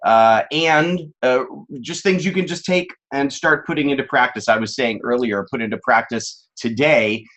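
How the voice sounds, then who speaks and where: An eager man co-hosts a webinar in a mid-range voice. He talks enthusiastically, restarting phrases and filling pauses as he goes. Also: medium pitch, a bit bright. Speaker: co-host of a webinar masterclass. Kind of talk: enthusiastic presenting.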